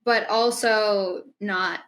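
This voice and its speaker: A woman's voice: mid-range voice, fairly even intonation, drawn-out words, background noise. A woman in her thirties, from Illinois, co-hosting a casual podcast chat, chatty and self-mocking. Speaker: podcast co-host.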